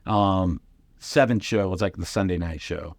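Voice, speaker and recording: A man's voice: sits low, a little slow, dry recording. A middle-aged man, a comedian, telling casual stories on a podcast and acting out the voices of other people in his quotes. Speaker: comedian guest.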